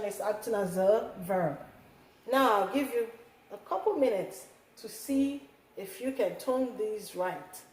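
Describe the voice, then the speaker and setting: A woman teaching a language lesson, drawing words out slowly and sounding their tones in drills. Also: mid-range voice, darkish tone, reverberant, poor audio. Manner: drawn-out sung word drills. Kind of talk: slow tone-marking lesson.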